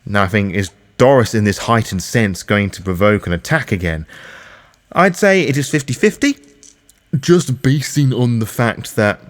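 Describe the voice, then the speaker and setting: A British man with a somewhat low voice narrates a solo tabletop role-playing game. He thinks aloud as he works through dice rolls and rules, often restarting his sentences. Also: lively intonation, normal speed. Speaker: solo game master and player.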